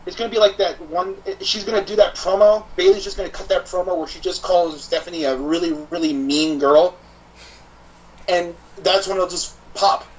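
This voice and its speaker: A man co-hosting a casual wrestling podcast, excitable, often acting out imagined promos in put-on voices. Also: sits high, normal speed, poor audio. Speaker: podcast co-host.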